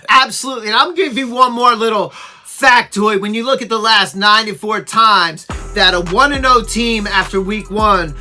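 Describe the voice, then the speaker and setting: A co-host giving betting picks in a measured, stats-driven way. The voice sits at middle pitch with a bright edge, and faint music plays underneath. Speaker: co-host, sports analyst. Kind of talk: sports-betting analysis.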